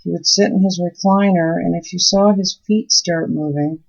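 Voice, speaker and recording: A woman's voice: lowish voice, fairly even intonation, normal speed, creaky. A woman chatting casually while making soap, telling stories and easily delighted. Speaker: soap maker and channel host. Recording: dull, muffled recording.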